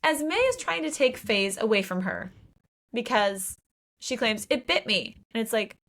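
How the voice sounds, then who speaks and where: A young woman co-hosting a book podcast, recapping chapters in a lively, casual way, swearing freely and acting out quotes. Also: fairly high pitch, moderate pace. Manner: animated retelling with acted quotes and swearing. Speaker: podcast co-host.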